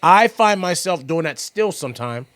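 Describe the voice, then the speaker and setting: A man speaking in a fairly high voice, recorded close and dry with no room sound. He tells his story in a lively, emphatic way, slipping into quoted voices and repeating lines for effect. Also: moderate pace, no room sound. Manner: acts out both sides of conversations in quoted voices. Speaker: podcast guest, percussionist and motivational entertainer. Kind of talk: animated storytelling conversation.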